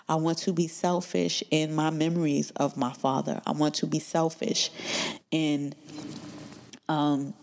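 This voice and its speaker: A woman speaking a candid personal monologue, congested from a cold, pausing often with fillers. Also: low-pitched, creaky, a little mellow. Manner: candid, halting with many pauses and fillers. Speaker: podcaster.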